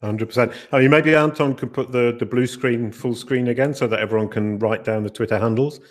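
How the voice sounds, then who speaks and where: A man's voice: medium pitch, steady tone, a little fast. A man hosting a webinar over a video call, chatty and self-deprecating, often restarting his sentences. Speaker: webinar host. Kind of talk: casual webinar moderating.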